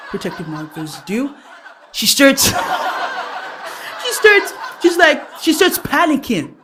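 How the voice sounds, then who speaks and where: A young woman hosting a comedy show, telling childhood stories with frequent giggles. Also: mid-range voice. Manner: giggles often while telling stories, acts out quotes. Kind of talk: laughing personal storytelling.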